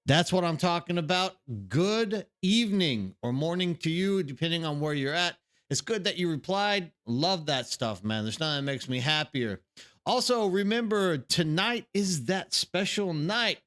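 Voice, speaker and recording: An energetic man hosts a live game stream, chatting loosely with his viewers and greeting them by name. His voice sits a little on the high side for a man. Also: moderate pace.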